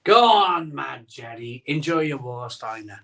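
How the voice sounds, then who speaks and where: A man's voice: mid-range voice, sing-song, measured pace, vocal fry, fairly bright tone, far from the mic. Rambling middle-aged man on a live stream. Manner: rambling, sentimental, reads chat comments aloud. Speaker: host of a live beer-drinking stream. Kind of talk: casual live-stream chat.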